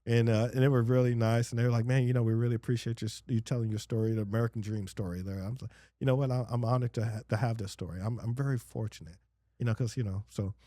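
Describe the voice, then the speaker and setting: Male podcast guest, mellow warm tone, rambling storyteller who acts out quotes, dry studio sound. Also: medium pitch, fast talker, dry recording. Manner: rambling storyteller, many fillers and restarts, animated quotes. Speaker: guest, business owner. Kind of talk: casual interview chat.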